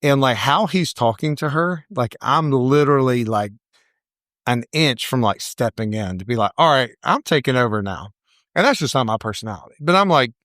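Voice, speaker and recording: A middle-aged man in a relaxed podcast chat tells a story with plenty of animation, slipping into quoted voices as he goes. His voice sits at an ordinary middle pitch. The recording is close and dry, with no room sound. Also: dry recording. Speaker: salon owner, podcast co-host.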